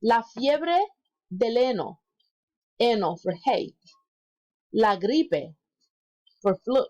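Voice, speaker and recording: A woman as an instructor in a recorded lesson, patiently repeating words slowly for learners and correcting herself aloud. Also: a little high, sing-song, a little mellow, dull audio. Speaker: Spanish instructor.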